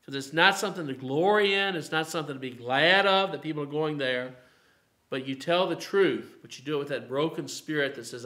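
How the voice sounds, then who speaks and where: A man's voice: mid-range voice, fairly quick, sharp tone. A man with an Appalachian Southern accent, a pastor leading a mid-week Bible study in a conversational way, full of "you know" fillers and rising to emphatic declarations. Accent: Appalachian Southern American.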